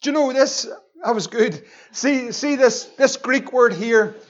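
A male pastor, preaching a sermon with passion, his voice rising to shouts on key lines. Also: extremely high pitch, a little slow, lo-fi sound.

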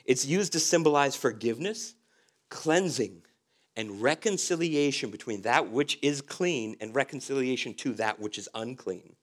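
A male pastor preaching a sermon, with emphatic repeated phrases that often drop to soft, low tones. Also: animated, moderate pace.

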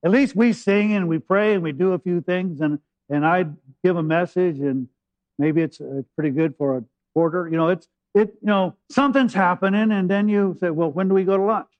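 A man preaching a sermon with a high voice, retelling a scripture story in a lively, joking way. The sound is dry and a little muffled. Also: moderate pace, dry recording. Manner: animated storytelling preacher, paraphrasing scripture with humor. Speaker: pastor.

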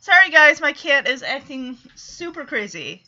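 A woman hosts a podcast from home and retells a story, acting out each line. Her voice sits high and swings widely as she talks slowly in a bright, clear tone. The recording sounds a little dull and lo-fi. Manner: animated storyteller who acts out quotes. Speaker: podcast host. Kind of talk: casual episode recap.

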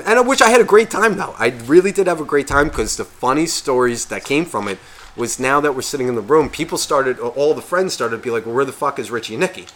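Bright-voiced man swearing through a story. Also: mid-range voice. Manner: heavy swearing, rambling and animated. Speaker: podcast co-host. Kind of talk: casual storytelling.

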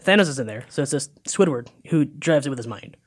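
A man casually retelling a movie plot in a chat, animated and full of fillers, slipping into put-on voices for the characters. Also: mid-range voice, fast talker. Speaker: film recapper.

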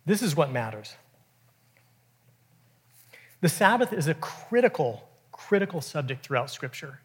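Man, pastor preaching, husky tone, fairly high voice, conversational and animated. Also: measured pace. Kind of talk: sermon.

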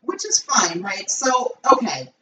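A woman's voice: mid-range voice, huge pitch swings, a little slow. A woman co-hosting a podcast, chatting emphatically and with strong opinions about a reality show. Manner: opinionated, emphatic, trails into soft asides. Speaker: podcast co-host. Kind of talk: casual chat recapping a reality show. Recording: roomy, distant, dull lo-fi with faint hiss.

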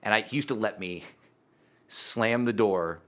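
A man's voice: fairly low pitch, measured pace. A man in his thirties from upstate New York, chatting on a podcast and telling stories with acted-out quotes and plenty of swearing. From Utica, New York, USA. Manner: animated storyteller who acts out quotes and swears freely. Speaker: podcast guest. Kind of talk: casual chat.

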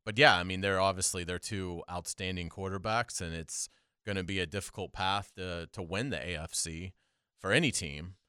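A man co-hosting a sports talk show, giving measured football analysis backed by stats. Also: low-pitched, pushed and bright, smooth, no echo, clean studio sound.

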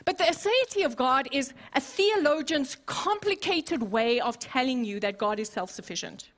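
A woman pastor preaching a sermon, expressive and playful, with humorous asides to the congregation. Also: high-pitched, moderate pace. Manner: expressive, acts out scenes.

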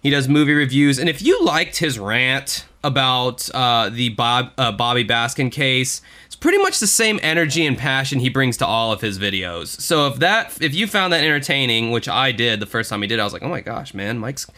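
Bright-voiced rambling podcast host, a man. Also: mid-range voice, very animated, normal speed, few pauses. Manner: rambling, profane, self-deprecating. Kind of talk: casual podcast chat.

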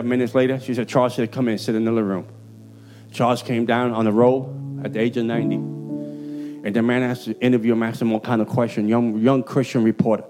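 A man with a Puerto Rican accent preaching an emphatic, streetwise sermon with an altar call. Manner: emphatic, streetwise, jumps in pitch for punchlines. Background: guitar music.

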